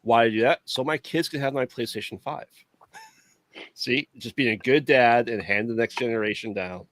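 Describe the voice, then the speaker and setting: A man's voice: mid-range voice, moderate pace, fairly bright tone. A man hosting a casual podcast, joking and laughing as he talks. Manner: jokey, laughs often. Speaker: podcast host.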